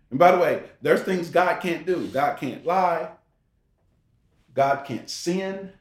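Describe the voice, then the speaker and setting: A man giving an informal sermon, talking through scripture in a rambling, conversational way with rhetorical questions. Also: fairly high pitch. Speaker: preacher. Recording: roomy echo.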